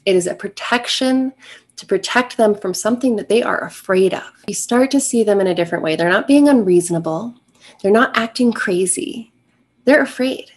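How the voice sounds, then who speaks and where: A middle-aged woman, a relationship coach, giving earnest, encouraging advice straight to the viewer. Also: mid-range voice. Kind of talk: direct-to-camera advice talk.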